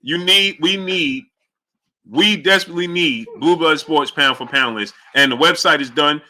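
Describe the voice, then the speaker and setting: Male livestream boxing host, high lively voice with a very bright edge, hypes the chat. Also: moderate pace. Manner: animated, hypes the audience, shouts out chat names. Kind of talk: livestream commentary reading chat.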